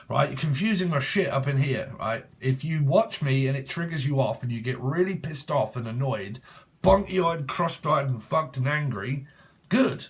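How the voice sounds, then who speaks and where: A man's voice: mid-range voice, lively intonation, normal speed, breathy edge. A man, giving a casual online tarot reading in a blunt, profane way and laughing often. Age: 40s. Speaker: tarot reader.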